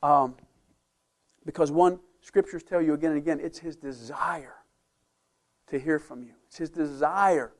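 Male pastor, slightly higher voice, emphatic sermon delivery with chatty asides. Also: steady tone, measured pace, long pauses. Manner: emphatic preaching, rising and falling loudness; conversational asides to the congregation.

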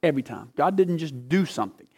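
A man preaching a sermon, earnest, quoting scripture in a raised voice and dropping low to press a point. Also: lively intonation, quick pace, mellow, slightly rough. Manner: earnest, voice climbing high when quoting, dropping low to drive points home. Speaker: pastor.

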